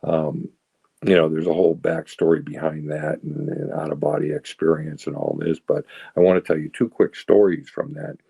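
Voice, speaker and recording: A very low, gravelly man tells his recovery story in a rambling, conversational way. His husky voice sounds dark and dry, close to the mic with no room around it. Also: big pitch swings, moderate pace, dry recording. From south of Boston, Massachusetts. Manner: rambling, tags lines with "right?" and "you know". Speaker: recovery speaker.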